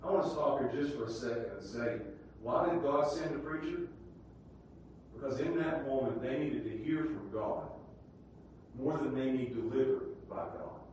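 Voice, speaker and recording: A man preaching a sermon with great passion, dropping to a hush and then climbing to a shout. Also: mid-range voice, moderate pace, lo-fi sound. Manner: impassioned preaching that swings from hushed to shouting. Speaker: pastor. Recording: echoey hall, distant mic, faint hiss.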